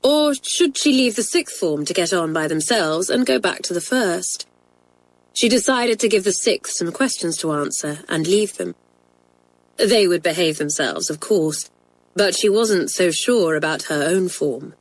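A woman narrating a children's story in a clear, measured way. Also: lowish voice, lively intonation, rough recording. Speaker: audiobook narrator. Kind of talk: storybook reading.

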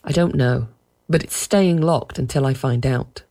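A woman's voice: a bass voice, a little slow, mellow, heavily acted. A woman reading the lines of a worried, stern middle-aged father in a storybook, barely changing her own voice.

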